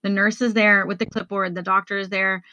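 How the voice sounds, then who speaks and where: Bright-voiced woman telling a personal story. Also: mid-range voice, level tone, a little fast, no echo, dull audio. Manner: candid, conversational, addresses listeners directly. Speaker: podcast host.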